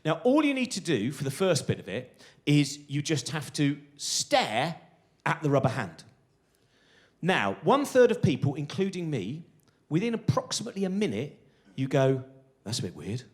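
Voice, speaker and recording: A middle-aged comedian telling stand-up stories, excitable and acting out the voices of people in them. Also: male voice, on the high side, normal speed. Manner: animated, excitable, acts out voices of people in his anecdotes. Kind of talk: stand-up storytelling.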